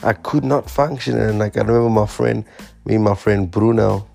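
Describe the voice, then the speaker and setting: A man casually telling a story about his first stand-up gig, animated and swearing as he acts out his panic. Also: lowish voice, normal speed, vocal fry, soft background music. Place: Fremantle area, Western Australia.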